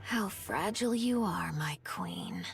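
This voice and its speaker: A woman voicing a calm, cryptic female Rapture advisor in a video game, with a low, deadpan delivery. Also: slow, creaky, faint music behind, heavily acted. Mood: cool, probing.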